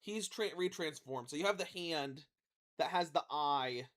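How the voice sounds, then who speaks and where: A man's voice: on the high side, a little slow, a bit bright. Casual man running a tabletop game. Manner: casual, filler-heavy, teasing. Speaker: game master.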